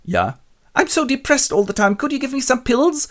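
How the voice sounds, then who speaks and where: A man's voice: very high voice, sing-song, moderate pace, a bit bright, voice pushed up, full character voice. A man voicing a pompous, condescending army captain. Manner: condescending, blustery.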